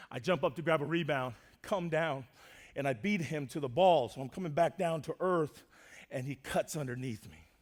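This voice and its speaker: A man preaching a sermon to a church, telling a personal story in an animated way that swings between loud and hushed. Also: on the high side.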